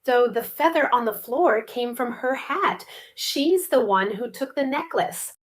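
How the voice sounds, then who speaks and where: A woman's voice: fairly high pitch, expressive, a little slow. A woman co-hosting a lesson for English learners, eagerly asking questions about the story. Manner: curious and eager, asks many questions. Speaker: co-host.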